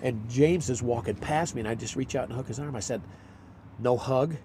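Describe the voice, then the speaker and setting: A man's voice: medium pitch, fast talker, mellow, a little hiss or hum. Older man telling rambling stories. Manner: rambling, anecdotal, acts out quotes. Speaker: actor, guest. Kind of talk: casual storytelling chat.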